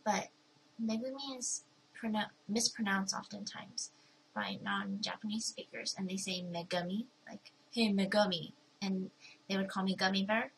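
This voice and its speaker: A bubbly young woman in her twenties talks straight to her viewers in a casual question-and-answer vlog. Her voice sits at an ordinary middle pitch. She is chatty and playful, and she puts on little voices for the people she quotes. A faint hiss runs under the recording. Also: fairly even intonation, normal speed, creaky, a bit bright, rough recording. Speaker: vlogger. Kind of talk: casual talking-to-camera Q&A.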